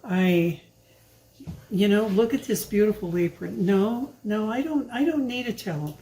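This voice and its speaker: Older woman, warm low-key voice, slow and rambling, showing a recipe in her kitchen. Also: low-quality recording. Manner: chatty, rambling, with fillers and asides. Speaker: home cook filming a recipe video. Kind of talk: casual cooking demonstration. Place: home kitchen.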